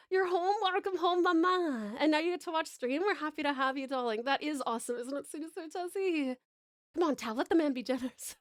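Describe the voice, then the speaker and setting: A woman's voice: high voice, dry recording, clean studio sound. A woman, chatting on a live stream, gushing thanks with lots of swearing and restarts. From Tasmania, Australia.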